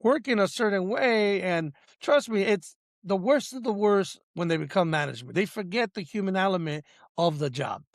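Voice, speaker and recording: Podcast host dude, loud lively swearing stories, dry close mic. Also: male voice, high voice, moderate pace, no room sound. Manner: animated, profane, laughing storyteller. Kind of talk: casual podcast storytelling.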